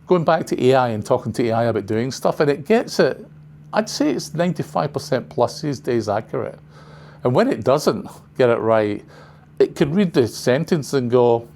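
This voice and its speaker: A man's voice: medium pitch, animated, normal speed, creaky, a little mellow. Chatty older man presenting to trainees. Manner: rambling, chatty, full of asides. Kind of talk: casual presentation to a class. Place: training room.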